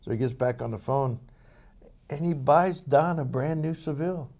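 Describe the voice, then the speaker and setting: A man's voice: mid-range voice, normal speed, creaky, mellow. Older man telling rambling stories. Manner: rambling anecdotal, many fillers and restarts. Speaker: interview guest, former police officer. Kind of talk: storytelling interview.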